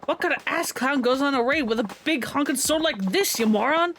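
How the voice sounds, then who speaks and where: A woman's voice: high-pitched, brisk, fairly bright tone, a little hiss or hum. A woman voicing a brash, foul-mouthed male yakuza thug with coarse, swaggering street talk, reading game lines aloud.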